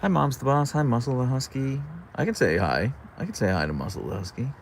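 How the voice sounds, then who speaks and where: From an outdoor deck, a man livestreams casually, replying to viewers' comments into a camera on a tripod. His medium-pitched voice is brisk with lively intonation, and slight background noise is present.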